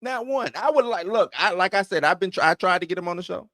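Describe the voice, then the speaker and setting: A man's voice: high-pitched, fast, fairly bright tone, dry recording, studio quality. Slangy, chuckling male news host. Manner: loose and slangy, chuckling asides. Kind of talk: casual commentary.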